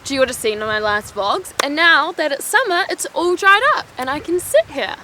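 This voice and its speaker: A woman's voice: high voice, expressive, moderate pace, background noise. A young woman from New Zealand chatting casually to camera as a vlogger, filling nearly every phrase with "like". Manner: chatty, fills with "like" constantly. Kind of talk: casual vlog chat.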